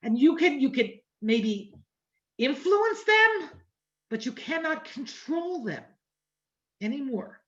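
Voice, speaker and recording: A woman's voice: high voice, big pitch swings, slow, long pauses, fairly bright tone. Middle-aged woman teaching a conversational class. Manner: conversational, repeats phrases and asks "right?" often. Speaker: teacher of an online Torah class. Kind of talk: informal lecture. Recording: dull lo-fi online class audio.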